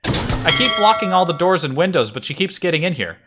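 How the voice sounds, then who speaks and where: A man's voice: high voice, sing-song, brisk, heavy background noise. A man streaming a video game, muttering to himself in wry, slightly frantic casual commentary.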